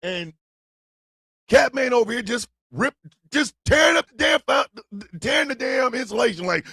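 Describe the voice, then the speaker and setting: A man hosting a morning show in a loose, rowdy chat. His voice sits high and swings widely, with a gravelly edge, recorded dry and close. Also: animated, moderate pace, long pauses, no echo. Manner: loud and profane, often breaking into shouts and laughter. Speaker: host of a morning stream show.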